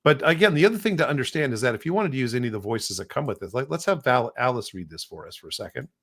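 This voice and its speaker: A man co-hosting a podcast, chatting casually through a software demo with lots of fillers. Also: medium pitch, sing-song, rapid-fire. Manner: rambling, many fillers. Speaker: podcast co-host.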